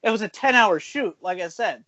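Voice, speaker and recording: A man's voice: high voice, expressive, moderate pace, pushed and bright. A man hosting a casual podcast chat, bluntly ranting and swearing. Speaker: podcast host. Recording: lo-fi video call audio.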